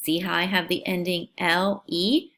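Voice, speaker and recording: A woman teacher giving a recorded phonics lesson for young children, speaking clearly and stretching out words. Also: on the low side, little pitch movement, unhurried, fairly bright tone. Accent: American.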